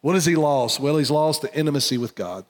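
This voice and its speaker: A pastor giving an earnest sermon, swinging between loud emphatic lines and hushed, low ones. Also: male voice, expressive, fairly quick. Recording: church hall reverb.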